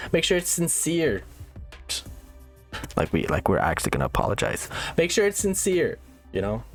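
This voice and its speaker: A man hosting a satirical tutorial monologue, mock-serious and lively, checking in with "all right?" again and again. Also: medium pitch. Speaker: comedic YouTuber host.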